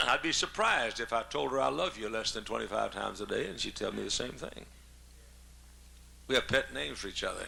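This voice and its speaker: A man's voice: medium pitch, expressive, normal speed, gravelly, bright, forceful tone, a little hiss or hum. A man in his seventies, a pastor preaching a humorous sermon in a folksy, joking way, coughing often. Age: 70s.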